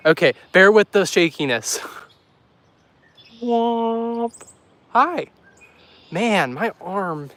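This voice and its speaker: A man's voice: high-pitched, lively intonation, unhurried, hardly any pauses, fairly bright tone. A man hosting a casual weather livestream outdoors, rambling and joking with his chat while filming on a handheld phone. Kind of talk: casual live-stream chat while walking. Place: outdoors by a road in the countryside.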